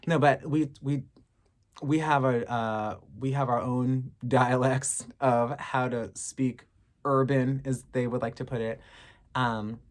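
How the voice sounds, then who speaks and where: A woman's voice: a bass voice, fairly even intonation, takes it slowly. A woman in her thirties chatting to camera as she answers fan questions, candid and sassy, swearing freely. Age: 30s. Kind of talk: casual chat to camera.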